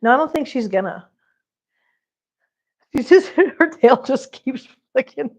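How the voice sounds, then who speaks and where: A woman's voice: fairly high pitch, lively intonation, a little slow, darkish tone, muffled recording. A woman hosting a casual livestream chat from home, talking to viewers and cooing baby talk to her cat, laughing often. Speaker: cat channel host. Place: home, on the floor.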